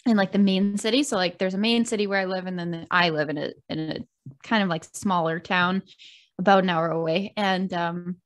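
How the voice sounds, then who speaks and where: A young Canadian woman with a Canadian accent, co-hosting a podcast and telling a dating story in casual chat, lively and laughing often as she acts out what people said. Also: lowish voice, brisk. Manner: animated, laughs often, acts out quoted voices. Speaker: podcast co-host.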